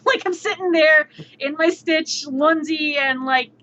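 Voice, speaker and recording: A woman's voice: sits high, measured pace. A young woman streamer telling a story casually and animatedly, slipping into voices for the people in it. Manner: animated, acts out voices in anecdotes. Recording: muffled stream audio with faint noise.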